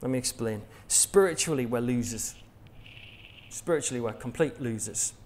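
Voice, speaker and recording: A man's voice: medium pitch, moderate pace, darkish tone, a little hiss or hum. An English man preaching a sermon in a jokey, conversational way, laughing at his own jokes. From England.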